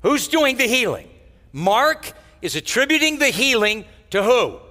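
A man preaching an expository sermon, halting often with filler words and restarts and asking rhetorical questions. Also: extremely high pitch, big pitch swings, pushed and bright. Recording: long hall reverb.

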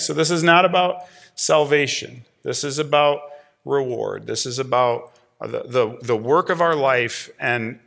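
A man's voice: medium pitch, vocal fry, a bit bright. A man preaching a sermon to a group in a church, in a conversational way that keeps asking "right?". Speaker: pastor.

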